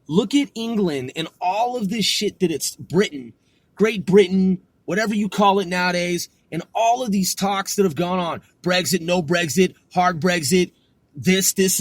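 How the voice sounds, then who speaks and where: A man's voice: high voice, dry recording. A man delivering a profane, heated political rant, swearing constantly. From United States.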